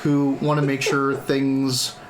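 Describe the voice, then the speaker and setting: A man's voice: medium pitch, monotone, slow, a little hiss or hum. Man running a tabletop game. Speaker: dungeon master.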